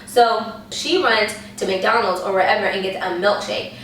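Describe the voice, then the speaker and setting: Animated young woman telling a story. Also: normal speed, slight background noise. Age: young adult. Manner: animated, acts out quotes in high voices. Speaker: storytime vlogger. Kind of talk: casual storytelling. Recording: echoey room, voice a bit far from the mic.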